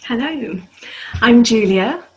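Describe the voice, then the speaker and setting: A woman with an English accent, an ESL teacher explaining language differences in a clear, deliberate way and demonstrating how words sound. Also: a little high, lively intonation, a little mellow, lo-fi sound, a little hiss or hum. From England.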